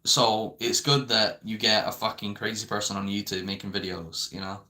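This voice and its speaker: A young man rants straight to camera, swearing constantly and drifting from point to point. His voice has a bright, forceful edge. He keeps checking in with "you know" and "right". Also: on the low side, level tone, normal speed. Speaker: vlogger. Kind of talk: unscripted rant.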